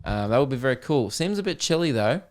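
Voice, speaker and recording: An Australian man in his younger years hosts a casual comedy podcast. He reads listener messages aloud and riffs on them with dry, sarcastic jokes. His voice sits at an ordinary middle pitch for a man. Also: sing-song, fast, darkish tone. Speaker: podcast host.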